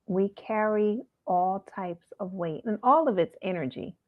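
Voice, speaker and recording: A middle-aged woman hosting a livestream talk, telling stories and reading out a mantra slowly. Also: medium pitch. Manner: storytelling, slow deliberate mantra reading. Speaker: host. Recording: tinny phone-like line.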